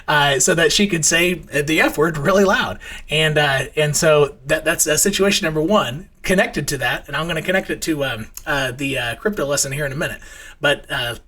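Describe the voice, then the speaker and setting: Thirties male host, casual and rambling; bright, slightly husky tone. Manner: rambling, many fillers and restarts; acts out his kids' voices in high squeals. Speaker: crypto trading channel host. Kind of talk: casual storytelling and chart commentary.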